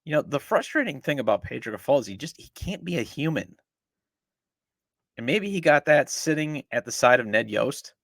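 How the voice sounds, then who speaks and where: A man's voice: medium pitch, big pitch swings, moderate pace, fairly bright tone, no echo, studio quality. A middle-aged man hosting a sports podcast, ranting with exasperated sarcasm about his team. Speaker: podcast host. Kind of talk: opinionated sports talk.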